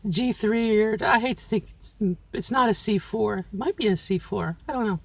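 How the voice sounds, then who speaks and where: Speaking at medium pitch and normal speed, this middle-aged woman has a creaky voice. In her casual vlog she talks straight to viewers in a candid, self-encouraging, reflective monologue, using a feminine voice she has trained and positions carefully.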